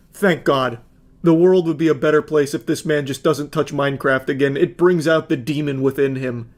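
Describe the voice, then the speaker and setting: A man's voice: on the high side, fairly even intonation, moderate pace. A man giving casual reaction commentary, sarcastic and swearing freely. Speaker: commentary host.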